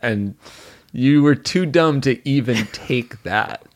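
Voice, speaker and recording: A man's voice: medium pitch, takes it slowly. A man co-hosting a comedy podcast, needling and bossing his partner with teasing challenges. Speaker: podcast co-host. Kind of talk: casual comedy banter.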